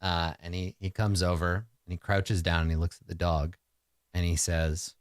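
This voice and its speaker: A man's voice: low-pitched, flat delivery, normal speed, smooth, dry recording, clean studio sound. A man narrating a tabletop game as game master, telling the story with fillers and laughs.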